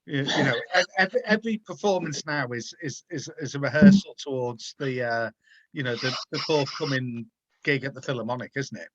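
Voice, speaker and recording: A man's voice: medium pitch, fairly quick, fairly bright tone, lo-fi sound. A man hosting a casual video-call chat show, chatty and encouraging, often repeating his words. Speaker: host.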